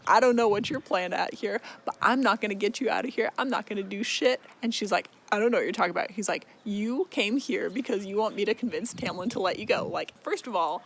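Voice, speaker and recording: A woman's voice: medium pitch, slight background noise. Chatty young woman recapping a book. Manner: chatty, swears freely, lots of fillers. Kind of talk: casual book recap, acting out characters.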